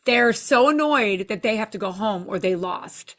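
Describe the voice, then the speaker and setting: A woman guest in a casual interview, telling lively stories and acting out what people said. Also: medium pitch, moderate pace. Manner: animated storyteller, acts out quoted lines. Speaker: TV show judge, interview guest.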